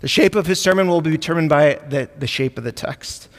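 A man's voice: on the high side, a little fast, big-room sound. A man from the United States with a Midwestern Chicago-area accent, preaching a sermon in a conversational way and joking with the congregation. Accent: Midwestern American, Chicago area. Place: church sanctuary.

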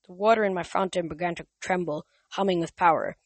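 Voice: mid-range voice, fast talker, dry recording. An amateur reader narrating a novel chapter in a plain voice, with frequent slips and restarts. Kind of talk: amateur audiobook reading.

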